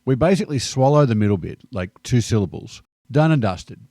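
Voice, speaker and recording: A man's voice: medium pitch, lively intonation, fairly quick, dark tone, no echo. A middle-aged Australian man with an Australian accent, narrating a vlog in a wry, joking way. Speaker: vlogger. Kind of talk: scripted narration.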